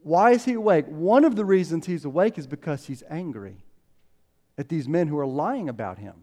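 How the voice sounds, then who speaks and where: A pastor giving a conversational sermon, telling stories and acting out quotes with lively ups and downs. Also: male voice, fairly high pitch, moderate pace. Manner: conversational, animated storytelling with acted quotes.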